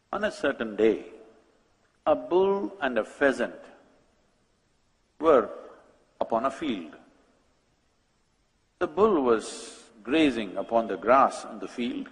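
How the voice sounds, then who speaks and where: A man's voice: mid-range voice, big-room sound. A man giving a public spiritual talk, questioning the audience with dry humor. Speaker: spiritual speaker.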